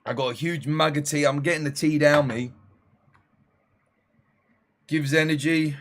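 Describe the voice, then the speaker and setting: A man chatting casually with his live-stream viewers. He is tired and his voice is fading after eighteen hours, and he jokes and thanks people by name in a weary, drawn-out way. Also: fairly high pitch, fairly even intonation, fairly bright tone, slight background noise.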